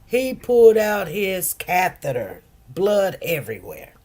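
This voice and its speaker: A woman's voice: fairly low pitch, wildly swooping pitch, slow pace, a little mellow. A woman nurse chatting casually, telling stories emphatically with many restarts and asides. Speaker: nurse, co-host. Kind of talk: casual chat.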